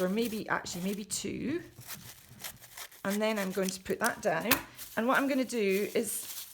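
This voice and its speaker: Narrating every step as she works, a woman who writes children's books walks kids through a craft from home in a chatty, jokey manner. Her voice is mid-range, and a little hiss or hum can be heard.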